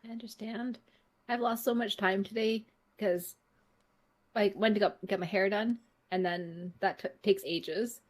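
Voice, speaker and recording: Animated woman telling a story. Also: medium pitch, unhurried. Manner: animated storytelling, acts out her own quotes. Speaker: podcast co-host. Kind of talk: casual chat.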